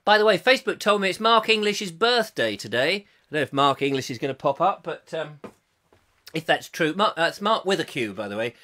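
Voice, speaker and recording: A man's voice: on the high side, very animated, a little fast, pushed and bright. A man in his fifties hosting a live comic chat show, rambling through viewer comments with jokey, self-mocking asides. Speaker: host.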